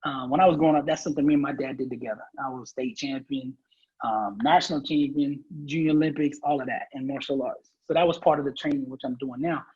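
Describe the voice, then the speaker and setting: A man's voice: medium pitch, fairly even intonation, quick pace, darkish tone, breathy edge, muffled recording. A man guest on a podcast interview, telling a personal story in an earnest, emphatic way. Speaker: guest speaker.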